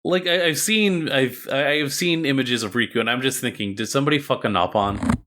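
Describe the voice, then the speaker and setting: A man's voice: medium pitch, fairly quick, a bit bright. A man co-hosting a casual gaming podcast, bantering with crude jokes. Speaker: podcast co-host. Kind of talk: casual gaming news chat.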